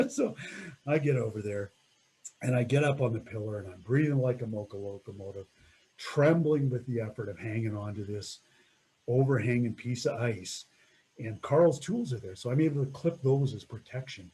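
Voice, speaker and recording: Man, middle-aged, storytelling, animated, laughs often, mellow tone, husky. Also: mid-range voice, moderate pace, rough recording. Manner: animated, laughs often, acts out quoted voices. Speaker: mountaineer recounting a first ascent. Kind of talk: storytelling talk.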